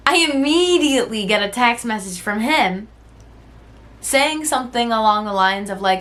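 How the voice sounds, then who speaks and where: A woman's voice: on the high side, animated, normal speed, fairly bright tone. A woman in her twenties telling a personal story to camera in a casual, rambling way, full of "like" and "right?" tags. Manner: rambling, heavy use of "like" and "right?"; earnest, candid.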